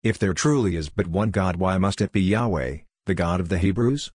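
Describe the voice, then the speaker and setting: A man voicing a calm, seductive female divine being with a low, reverberating voice in an audiobook reading. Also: breathy edge, clean studio sound. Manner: calm, preaching, unhurried.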